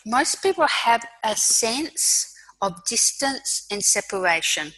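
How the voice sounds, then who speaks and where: Australian woman, webinar mindfulness speaker; bright clear voice, calm guided delivery, dry close recording. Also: on the high side, dry recording, rough recording. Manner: calm, slow guiding with soft pauses.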